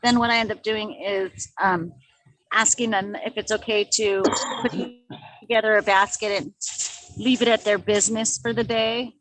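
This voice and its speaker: A woman's voice: medium pitch, steady tone, moderate pace, fairly bright tone, no echo, rough recording. A woman on a team call, chatting upbeat about how she runs her sales. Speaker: team member. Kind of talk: casual chat.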